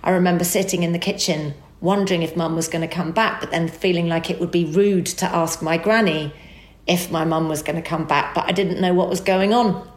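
A woman telling an emotional personal story as a guest, animated and acting out the dialogue. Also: on the low side, a little fast, reverberant.

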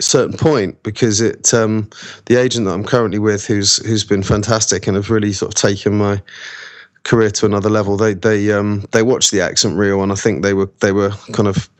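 A man's voice: on the low side, steady tone, normal speed. A man, an actor talking casually in an interview, rambling with many restarts. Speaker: actor guest.

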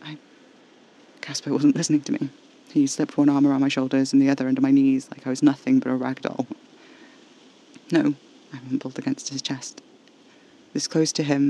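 A man narrating a first-person horror story in a hushed, intimate way. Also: medium pitch, creaky, a little hiss or hum, poor audio.

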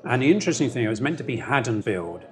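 A man's voice: medium pitch, big pitch swings, fast, a crowd in the background. A man from North London with a London accent, co-hosting a casual podcast from a coffee shop and telling jokey stories. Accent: London English. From North London, England. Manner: wry, joking storyteller. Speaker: podcast co-host. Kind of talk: casual chat.

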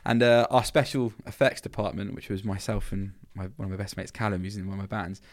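A man, a festival founder and firefighter, telling animated, self-mocking stories with frequent laughs as a podcast guest. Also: lowish voice, fast. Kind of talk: casual storytelling interview.

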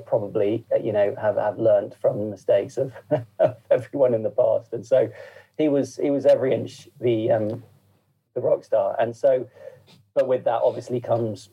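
Gravelly, husky man rambling. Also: mid-range voice, mellow, lo-fi sound. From England. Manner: rambling, full of fillers and asides. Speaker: podcast guest. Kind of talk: casual interview chat.

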